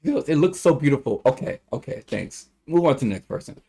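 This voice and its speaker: A young man on a casual livestream, rambling through a story and acting out the quotes in high voices. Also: sing-song, fast, creaky, dark tone, slightly rough. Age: young adult.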